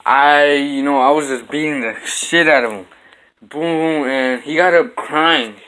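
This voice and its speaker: A man's voice: mid-range voice, normal speed, bright, forceful tone. A young man vlogging from his home kitchen, telling a fight story casually and acting out the punches with sound effects.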